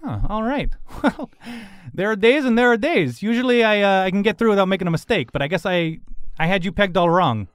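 A man's voice: high-pitched, expressive, brisk, clear, resonant tone, no room sound, studio quality, pitched above the performer's own voice. A man voicing a kind-seeming elderly woman who talks to people in a cheery, coaxing way, as if they were children. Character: kind elderly woman, chatty and falsely sweet.

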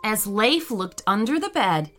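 A woman narrating a children's story in a slow, expressive read-aloud manner. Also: mid-range voice, soft background music.

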